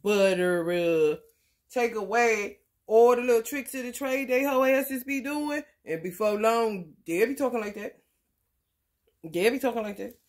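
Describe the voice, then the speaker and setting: Woman tarot reader with a fairly high voice, speaking in a blunt, profane rant that jumps from shouting to muttering. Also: measured pace. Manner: blunt, profane, swinging between loud outbursts and muttered asides. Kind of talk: casual tarot reading rant.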